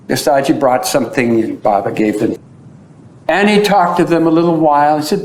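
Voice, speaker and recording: A man giving a storytelling talk, acting out the voices of the people he describes. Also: moderate pace. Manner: animated storyteller who acts out quoted voices. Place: at the site being described. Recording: roomy echo with faint low rumble.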